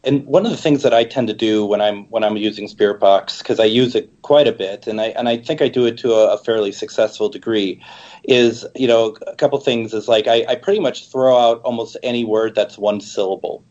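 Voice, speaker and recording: A man's voice: on the low side, steady tone, brisk, a little mellow, dull audio. A man co-hosting a talk show who explains things in an eager, rambling casual chat. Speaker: co-host.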